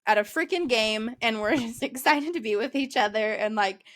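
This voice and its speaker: A woman's voice: fairly high pitch, moderate pace. Young woman, podcast co-host, casual chat, giggly, lots of fillers. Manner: chatty, laughs often, many fillers.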